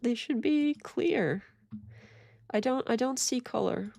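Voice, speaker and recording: A woman's voice: on the high side, animated, takes it slowly, gravelly, pauses often, darkish tone, no echo, studio quality. A woman streamer giving casual, rambling commentary while reacting to a video, exasperated and prone to restarts.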